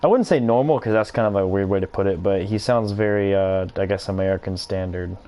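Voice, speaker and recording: Chill southern gamer guy, dark soft tone, just talks as he plays. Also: low voice, a little fast. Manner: laid-back, rambling, thinks aloud. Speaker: streamer host. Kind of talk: casual gaming chat.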